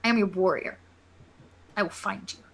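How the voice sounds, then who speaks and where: A woman's voice: medium pitch, normal speed, vocal fry, fairly bright tone. A woman voicing a young female warrior who speaks earnestly and reassuringly.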